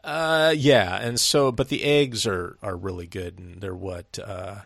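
A middle-aged man with a low-pitched voice rambles through a story in casual podcast chat. He swears freely and laughs often. The sound is dry and close, with no room echo. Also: steady tone, unhurried, gravelly, fairly bright tone. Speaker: podcast co-host.

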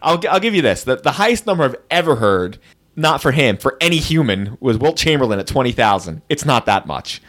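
A man's voice: mid-range voice, big pitch swings, a little fast, fairly bright tone. A man hosting a casual movie commentary podcast, joking and laughing often. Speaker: podcast host.

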